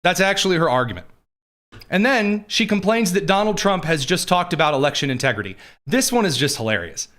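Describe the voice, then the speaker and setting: A man with a slightly higher voice than most men runs live political commentary. His delivery is sarcastic and mocking, full of dry asides. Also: big pitch swings, brisk, a bit bright. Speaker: political show host.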